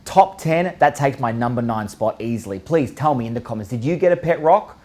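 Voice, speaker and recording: Energetic jokey male show host. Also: mid-range voice, brisk. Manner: energetic, jokey countdown, rhetorical questions, occasional swearing. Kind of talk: live online show, casual chat.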